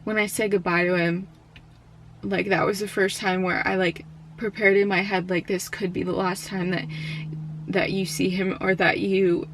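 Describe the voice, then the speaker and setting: A young woman in college telling a personal story in a vlog, speaking softly and haltingly with many fillers, at times close to tears. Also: medium pitch, level tone, a little hiss or hum. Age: young adult. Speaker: college student.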